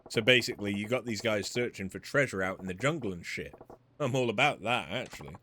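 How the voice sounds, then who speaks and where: A brash, cocky street tough talking in coarse slang, as a man reads his game lines. The voice is ordinary in pitch, with a lively swing. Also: brisk, slight background noise. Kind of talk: reading game dialogue aloud.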